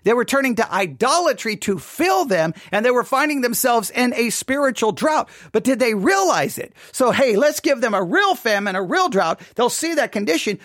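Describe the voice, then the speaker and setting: A man teaching scripture in a loose, conversational way, his pitch rising and falling freely. He thinks aloud and turns questions back to his listeners. The sound is close and dry. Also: a bit bright, no echo. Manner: thinks aloud, asks listeners questions, mimics in quick bursts. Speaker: pastor leading a Bible study.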